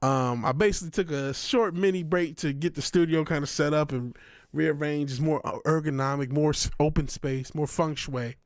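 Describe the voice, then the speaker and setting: A man streaming a video game live, ranting with profanity and swinging between low mutters and sudden angry shouts at the game, from his home studio. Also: moderate pace, no echo. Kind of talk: live gaming stream commentary.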